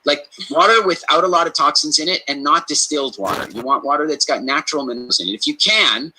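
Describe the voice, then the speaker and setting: A man giving health advice on a podcast in an energetic, emphatic conversational way, repeating key phrases for stress and acting out little stories. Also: fairly high pitch, fast talker, a little hiss or hum, poor audio. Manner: storytelling, acts out quoted reactions.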